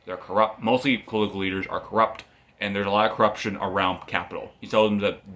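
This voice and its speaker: A man's voice: fairly low pitch, steady tone, fast talker, fairly bright tone, slight background noise. A man casually recapping a manga story, rambling and often repeating and restarting phrases. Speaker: manga reviewer.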